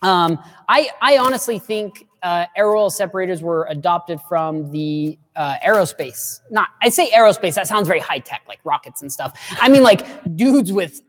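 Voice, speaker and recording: A man co-hosting a live stream, chatting casually and answering viewer questions with an excitable, jokey manner. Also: high-pitched, moderate pace, hardly any pauses, long reverb tail. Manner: excitable, jokey, puts on silly voices. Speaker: livestream co-host.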